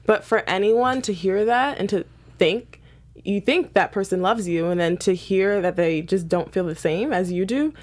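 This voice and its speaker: Animated woman hosting a TV recap. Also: mid-range voice, moderate pace. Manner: animated, asks questions, leads the talk. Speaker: host. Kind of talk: casual TV recap chat.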